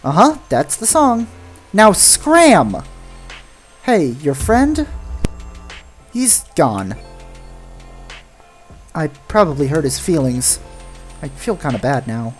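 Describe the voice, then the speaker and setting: A woman's voice: low-pitched, big pitch swings, slow pace, pauses often, soft background music, pitched below the performer's own voice, exaggerated voice. A woman voicing a sassy, laid-back young mermaid in a video game, with drawling valley-girl slang. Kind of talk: reading game dialogue aloud.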